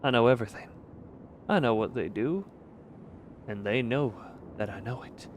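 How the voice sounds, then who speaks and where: A wary villager confides dark secrets in a thick, put-on Russian accent, as a man reads the game note aloud. The voice sits low and grave, at a middling pitch for a man, with a faint hum underneath. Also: normal speed, natural voice.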